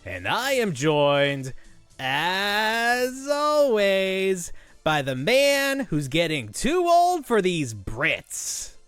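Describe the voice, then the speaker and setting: Lively joking podcast host. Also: male voice, high voice, extremely slow, clean tone, dry recording, soft background music. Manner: animated, jokey, riffing. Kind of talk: casual chat.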